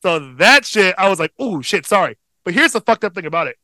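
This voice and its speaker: High-voiced, bright-toned young man telling stories. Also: fast, no room sound. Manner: profane, rambling, animated storyteller. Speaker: podcast co-host. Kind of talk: casual storytelling chat.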